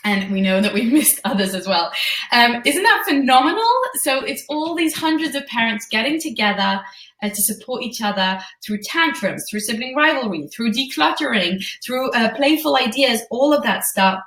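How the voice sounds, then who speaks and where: A woman hosting a live parenting webinar, answering questions gently with many ums and uhs. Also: on the high side, lively intonation, normal speed. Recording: roomy sound, distant from the mic.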